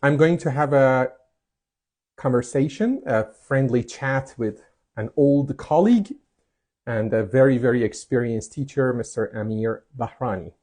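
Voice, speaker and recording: A man hosts a live chat stream on a clip-on mic, speaking at a medium pitch. He greets his followers around the world and answers their chat messages as they come in. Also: unhurried. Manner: greets viewers warmly and reads chat comments aloud. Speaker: host. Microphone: mic'd up.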